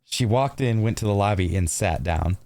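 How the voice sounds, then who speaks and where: A man's voice: fairly low pitch, moderate pace, creaky, a little mellow, dry recording. A man streaming a reaction to a video, making blunt, sarcastic and profane remarks in casual commentary.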